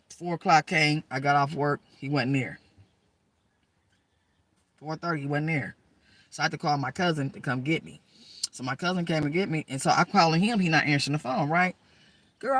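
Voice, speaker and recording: Woman storyteller, animated and emphatic, slangy and loose, with a tense, forceful voice. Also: sits low, no room sound. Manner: animated, emphatic, addresses listeners as girl and y'all; slangy, profane, rambling. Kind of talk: casual personal storytelling.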